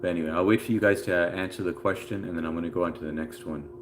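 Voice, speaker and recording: A man's voice: low-pitched, fairly even intonation, rapid-fire, background noise. A man hosting a casual live stream from home, reading out viewer comments in a laid-back, chatty way with plenty of fillers.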